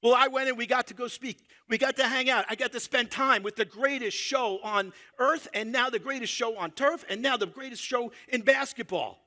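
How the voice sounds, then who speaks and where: A middle-aged man with a New York accent giving a live keynote to an audience, telling animated stories that jump from loud punchlines to hushed asides. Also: very high voice, moderate pace, few pauses. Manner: quotes people in his own voice, addresses the crowd directly. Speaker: motivational speaker. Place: stage before a live audience.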